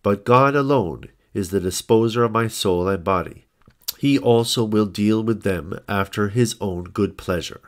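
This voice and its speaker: A man's voice: fairly low pitch, unhurried, lightly acted. A man reading the part of a dying righteous old man who laments his sins in solemn, archaic words. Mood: lamenting. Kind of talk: scripted audiobook narration.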